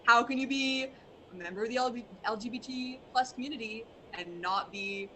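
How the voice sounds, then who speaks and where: A female guest makes wry, joking remarks in casual conversation. Her voice is bright and fairly high, with faint noise behind it. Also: moderate pace, low-quality recording. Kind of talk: casual chat.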